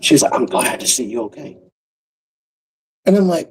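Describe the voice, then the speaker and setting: A man telling a profane, animated story and acting out the other people's voices. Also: a little high, moderate pace, slightly rough, poor audio. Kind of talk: casual storytelling monologue.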